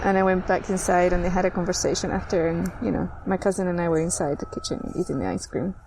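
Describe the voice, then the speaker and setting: A woman's voice: lowish voice, fast, noisy background. A woman from Chile, telling a childhood story in casual chat and acting out the people in it. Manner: animated storyteller acting out quoted voices. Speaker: host.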